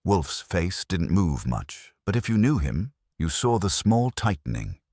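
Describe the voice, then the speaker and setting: A man's voice: sits low, big pitch swings, unhurried, a little mellow, husky, dry recording. A man giving dry, wry, matter-of-fact scripted first-person narration of a detective story.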